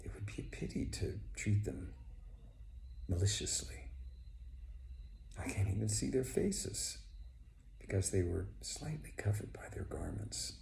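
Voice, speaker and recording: A man voicing a kindly old garden caretaker, speaking softly and gently in an echoey room. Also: fairly low pitch, big pitch swings, a little slow, gravelly, pauses often, in a whisper, exaggerated voice. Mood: pondering.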